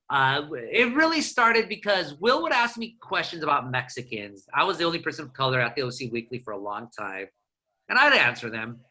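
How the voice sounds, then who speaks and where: A man from Southern California, a journalist guest on a podcast, talking in a fast, animated storytelling way. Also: mid-range voice. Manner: animated, rapid storytelling with restarts. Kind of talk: casual interview chat.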